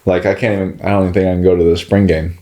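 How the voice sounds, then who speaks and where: A man's voice: low-pitched, very fast. Laid-back man with a Texan drawl. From California and Houston, Texas. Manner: animated, laughing, says bro and y'all. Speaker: podcast guest. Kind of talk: casual chat.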